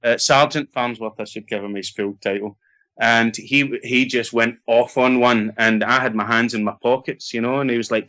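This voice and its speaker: A middle-aged Scottish actor telling lively anecdotes in a casual interview, laughing and acting out what others said. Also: male voice, mid-range voice, moderate pace. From Scotland. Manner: animated anecdotes with laughter and acted-out quotes. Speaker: actor guest.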